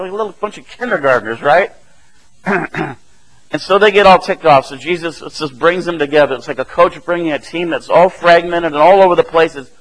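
A man's voice: a little high, a little fast, rough recording. A man preaching a sermon in a conversational way, often asking "right?" and chuckling as he explains the passage.

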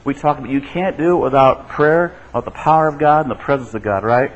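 A man's voice: quick pace, dull audio, a little hiss or hum. A man preaching a sermon as a pastor, conversational and often checking in with his listeners. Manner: conversational, asks the congregation "right?"; acts out quoted voices with shifts in pitch and loudness.

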